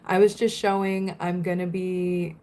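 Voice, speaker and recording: A woman's voice: fairly low pitch, level tone, unhurried, warm tone, slight background noise. A young woman from Florida chatting casually on a livestream, giggling often and answering viewers' comments.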